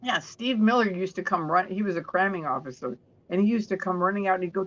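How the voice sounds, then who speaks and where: A woman's voice: on the low side, fast talker, lo-fi sound. Chatty woman guest telling stories. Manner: chatty, warm storyteller who often restarts sentences.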